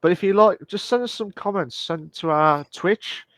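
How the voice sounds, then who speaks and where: A man's voice: high-pitched, normal speed, fairly bright tone, no room sound. Male co-host, easygoing rambling delivery, dry close-miked sound. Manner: rambling, thanks the chat often. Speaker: podcast co-host. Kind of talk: casual chat.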